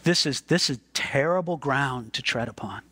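A man's voice: medium pitch, expressive, moderate pace, pushed and bright, husky. A man preaching a sermon as pastor, earnest and emphatic, repeating words as he stresses a point.

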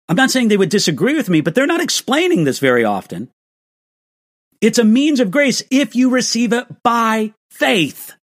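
A man's voice: high voice, no room sound, studio quality. A man answering viewer questions in an online live stream, earnest and restarting his sentences with small stammers.

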